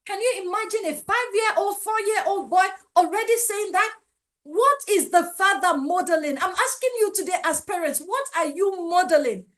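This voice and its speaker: A woman's voice: very high-pitched, normal speed, fairly bright tone. A middle-aged Nigerian woman giving a parenting webinar talk, emphatic and pleading with her listeners. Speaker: parenting speaker.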